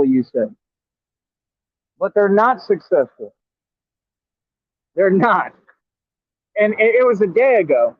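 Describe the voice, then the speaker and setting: Taunting high-voiced man on a scooter. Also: no echo. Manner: taunting, stammering repeats. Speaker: vlogger. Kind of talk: trash-talking vlog. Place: outdoors riding a scooter in traffic. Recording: tinny phone-like, dry.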